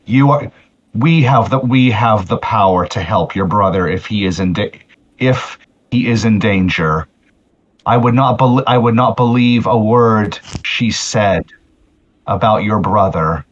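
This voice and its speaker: A man's voice: on the low side, a little slow. A man voicing an earnest pony healer with a solemn manner who often restarts his phrases, in a tabletop game. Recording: muffled lo-fi audio.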